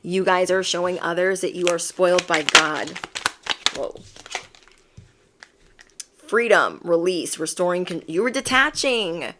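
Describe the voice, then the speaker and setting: A woman's voice: fairly low pitch, a little slow, long pauses, bright, forceful tone, slight background noise. A woman giving an emphatic pick-a-card tarot reading, repeating affirmations. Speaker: tarot reader.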